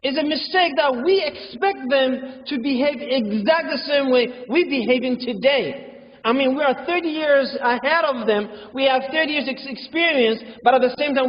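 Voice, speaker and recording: A man with a strikingly high voice gives an informal, conversational sermon, often slipping into the voices of the people he describes. The sound is muffled and lo-fi, with a long echo from a mosque hall. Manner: acts out parents and children in quoted voices; informal, repetitive, uses religious phrases. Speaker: imam giving a talk. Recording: echoey hall, dull lo-fi sound.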